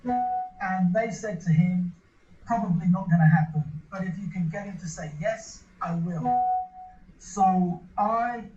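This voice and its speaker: A man's voice: sits high, measured pace, mellow, faint music behind. A man being interviewed, telling a long story casually, with lots of restarts and repeated words. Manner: rambling storyteller with many restarts. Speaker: interview guest. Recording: echoey room, lo-fi.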